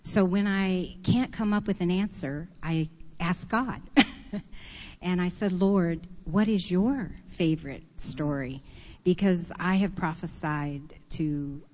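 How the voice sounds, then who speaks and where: Calm low-voiced woman telling a church story. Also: slow pace. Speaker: panelist, prophetic minister. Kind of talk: reflective storytelling.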